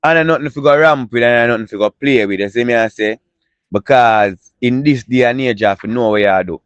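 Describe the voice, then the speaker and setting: A man with a Jamaican accent hosting a casual entertainment news show in patois, animated and chatty, full of catchphrases. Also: mid-range voice, a little fast, smooth, dry recording, highs cut off.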